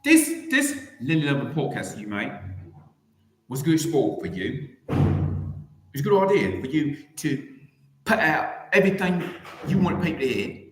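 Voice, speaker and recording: A man hosting his own channel, delivering a rambling satirical rant with theatrical swoops in pitch and words repeated over and over. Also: big pitch swings, normal speed, long pauses, reverberant, a little hiss or hum, poor audio. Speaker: YouTube channel host.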